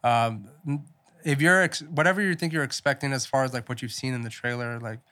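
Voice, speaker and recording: A man's voice: mid-range voice, a little fast, pushed and bright. A man casually reviewing a film as podcast co-host, rambling with lots of filler words and some swearing. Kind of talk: casual movie review chat.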